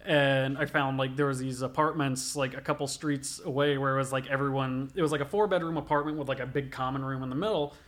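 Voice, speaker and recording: A man's voice: medium pitch, fairly even intonation, fast talker, few pauses, fairly bright tone. A young man, a body piercer, telling stories casually in an interview, swearing a lot and filling with "like". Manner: profane, rambling, many "like" fillers.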